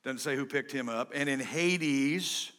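A pastor preaching a sermon in a joking, conversational way, swinging between loud and soft. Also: male voice, medium pitch, measured pace.

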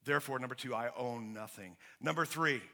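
A pastor preaches a sermon in an emphatic, conversational style, often restarting his sentences and asking the congregation to finish his questions. His medium-pitched voice is brisk, pushed, and bright.

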